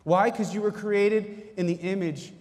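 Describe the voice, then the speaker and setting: A man with a fairly high voice delivers a fervent motivational talk from a conference stage, pausing for effect and swinging through his phrases. His voice rings out with the long reverb of a large hall. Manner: animated, preacher-like delivery with dramatic pauses. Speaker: company executive giving a keynote talk. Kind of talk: motivational faith-based speech.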